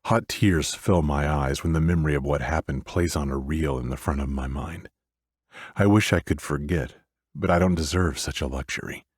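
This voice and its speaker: A man narrating a dark romance audiobook in the first person, with a brooding, intense delivery. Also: a bass voice, moderate pace, breathy edge, dry recording, clean studio sound.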